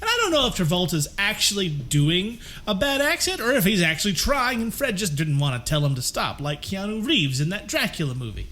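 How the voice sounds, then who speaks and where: A man's voice: high voice, sing-song, fairly quick, hardly any pauses, sharp tone. A man co-hosting a podcast, ranting animatedly about a movie and acting out characters in silly voices. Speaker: podcast co-host. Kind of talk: casual movie-review chat.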